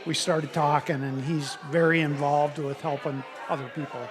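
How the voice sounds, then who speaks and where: A man from the audience telling a rambling, animated story during a live podcast recorded at a brewery. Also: on the high side, moderate pace. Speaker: audience member asking a question. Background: crowd noise.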